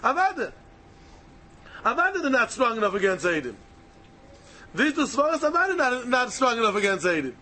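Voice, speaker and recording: A high-voiced man leads a Talmud study lesson, his pitch leaping up and down as he argues each side aloud. He hammers his points home by repeating them, and his tone stays bright and forceful throughout. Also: sing-song, fairly quick, long pauses. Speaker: Talmud teacher.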